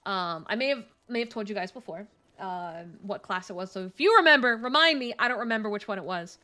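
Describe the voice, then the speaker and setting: A young woman streamer telling a story in a casual chat, animated, laughing often and swearing casually. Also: mid-range voice, fairly quick.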